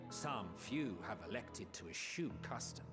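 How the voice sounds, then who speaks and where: An actor voicing a gentle, troubled male leader of scholars, speaking formally and earnestly over game music. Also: lowish voice, animated, a little slow. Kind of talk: video game voice acting. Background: game score music.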